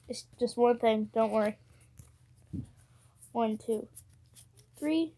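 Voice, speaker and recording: A woman with a fairly high voice talks unhurriedly as she opens card packs. She mutters to herself, reads off names and now and then cheers. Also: slow pace, long pauses. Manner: chatty, muttering to herself, bursts of excitement. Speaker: card-opening vlogger. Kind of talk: casual chat while opening cards.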